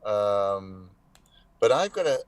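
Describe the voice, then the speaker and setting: A man's voice: fairly low pitch, big pitch swings, slow pace, clear, resonant tone, dry recording. A man answering interview questions as a voice actor guest, telling his story reflectively and with emphatic bursts. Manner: reflective, emphatic storytelling with sudden swings in loudness. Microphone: online live call.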